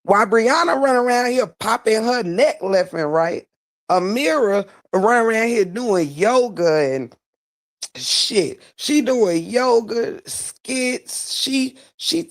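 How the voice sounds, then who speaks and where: A woman's voice: a little high, no echo, studio quality. A woman giving blunt, profane live-stream commentary, preaching at her audience and firing off rhetorical questions.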